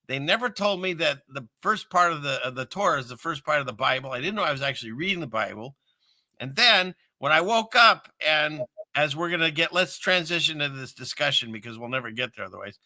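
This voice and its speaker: Bright, dry-voiced chatty man. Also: a little high, no echo. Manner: rambling, laughs often, chatty. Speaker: host. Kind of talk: casual talk show chat.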